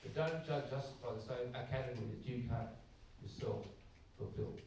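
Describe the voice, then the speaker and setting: A man's voice: mid-range voice, moderate pace, darkish tone. Aussie guy talking to a church crowd, far from the mic, lots of hall echo. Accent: Australian. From Australia. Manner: conversational, acts out dialogue in shifting voices. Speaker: speaker, Anglican priest. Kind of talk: public talk to a church audience. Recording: very echoey hall, distant mic, faint noise.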